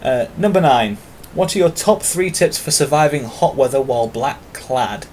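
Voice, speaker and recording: A man's voice: mid-range voice, expressive, normal speed, a little mellow, a little hiss or hum. Rambling British man vlogging. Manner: rambling and long-winded, with many fillers; self-mocking asides. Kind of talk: casual tag-video monologue.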